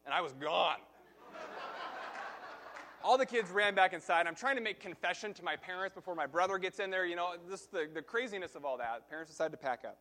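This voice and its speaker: A male pastor preaching a sermon, telling a personal story in an animated way, swinging from soft to loud. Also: high voice, brisk, a little hiss or hum.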